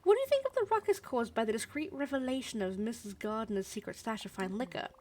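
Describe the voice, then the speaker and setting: A woman's voice: fairly high pitch, lively intonation, quick pace, a little mellow, lightly acted. A woman voicing an elegant widow in a video game, gracious on the surface and sarcastic underneath. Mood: needling. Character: elegant widowed woman, sweetly cutting and proud.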